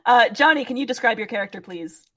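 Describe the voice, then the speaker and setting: A woman running a tabletop game as game master, narrating slowly with hesitant fillers. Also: on the high side, animated.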